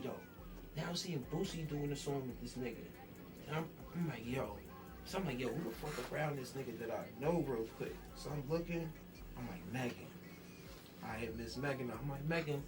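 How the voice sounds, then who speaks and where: A man's voice: mid-range voice, normal speed, recorded from a distance, music in the background. A man from New York guesting on an interview, telling a long story with lots of street slang and acting out everyone he quotes. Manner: animated, acts out quoted dialogue, heavy slang. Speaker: rapper guest.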